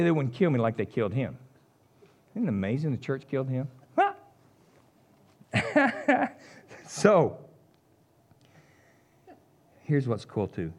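A pastor delivers a casual, conversational sermon, folksy and animated, jumping from high exclamations to low asides.

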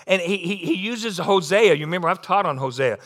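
A middle-aged man preaching a sermon, animated, often restarting and repeating words. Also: high-pitched, brisk. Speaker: pastor.

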